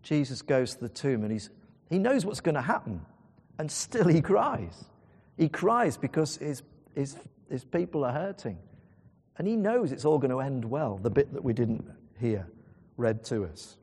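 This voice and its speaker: Preacher in an echoing church. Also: male voice, mid-range voice, animated, moderate pace, darkish tone, slightly rough. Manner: conversational, emphatic, storytelling. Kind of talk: sermon. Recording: church hall reverb.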